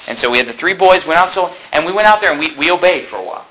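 A young man preaching a fiery sermon, joking one moment and shouting the next. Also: on the high side, expressive, racing, highs cut off, a little hiss or hum. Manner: impassioned, swings between joking and shouting.

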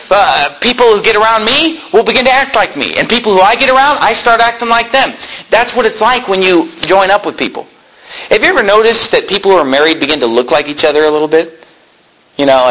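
Male pastor mid-sermon: high, bright voice, conversational but combative and emphatic. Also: low-quality recording. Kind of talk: preaching a sermon.

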